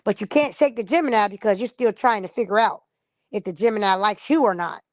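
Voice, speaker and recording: A woman's voice: medium pitch, fairly quick, dry recording, studio quality. A woman streamer in a casual live-stream monologue, blunt and profane, acting out the people she quotes.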